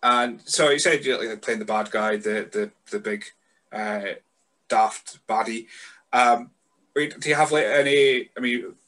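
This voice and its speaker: A man's voice: mid-range voice, unhurried, fairly bright tone. A man hosting a podcast who asks loose, rambling questions in a casual interview. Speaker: podcast host.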